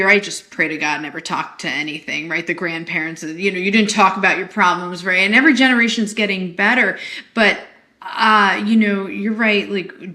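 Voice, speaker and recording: A woman psychologist co-hosting a podcast, talking in an animated, emphatic way with frequent rhetorical questions. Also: medium pitch. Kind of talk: casual conversational chat.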